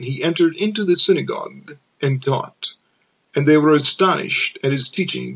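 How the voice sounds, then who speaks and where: A man narrates scripture in a slow, measured reading. His voice is a little high and has a gravelly texture. It is heard on a dull, lo-fi recording. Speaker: scripture reader.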